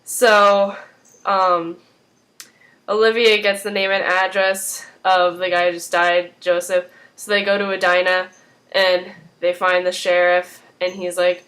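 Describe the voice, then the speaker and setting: A woman's voice: fairly low pitch, level tone, a little slow, fairly bright tone. A woman casually recapping a TV episode, rambling along with lots of "like" and "um" and a few apologetic asides. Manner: rambling, heavy use of "like" and "um".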